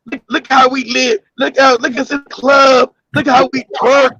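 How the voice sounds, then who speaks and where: A man with a very high, gravelly voice hosts a casual comedic talk show, laughing and telling stories loudly. The recording is dry and lo-fi. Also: unhurried, no room sound. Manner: loud, laughing, animated storytelling. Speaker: podcast host. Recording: dull dry lo-fi audio.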